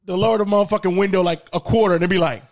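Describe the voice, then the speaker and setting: Guy with a high voice, cussing a lot, telling his story loose and fast. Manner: profane, animated storyteller. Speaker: podcast co-host telling a story. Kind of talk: casual chat.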